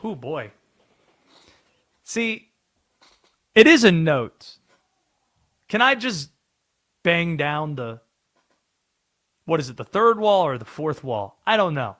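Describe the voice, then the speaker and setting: A man's voice: on the high side, sing-song, slow pace, long pauses, fairly bright tone. Wry male sports radio host. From North Carolina. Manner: chatty, self-explaining, wry. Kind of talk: casual sports talk radio.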